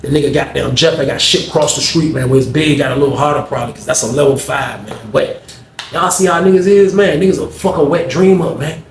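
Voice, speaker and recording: Brief: man, storytelling host, animated and slangy, a touch higher voice, echoey room. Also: quick pace, gravelly, slight background noise. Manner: animated slang-heavy telling, acts out quarrels loudly. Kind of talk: casual storytelling.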